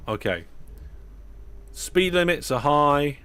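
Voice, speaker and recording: A young British man talks through a live stream of a train simulator game. He chats easily with his viewers and fills his talk with ums, uhs and restarts. His voice sits at an everyday middle pitch for a man. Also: lively intonation, unhurried. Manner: chatty, talks to viewers while playing, frequent fillers and restarts. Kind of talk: casual live-stream commentary.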